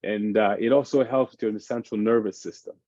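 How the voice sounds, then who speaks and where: A man, a fitness expert on a parenting panel, explaining exercise routines in an animated, casual way. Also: lowish voice, normal speed, no echo, lo-fi sound. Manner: animated, explains by acting out his kids' games.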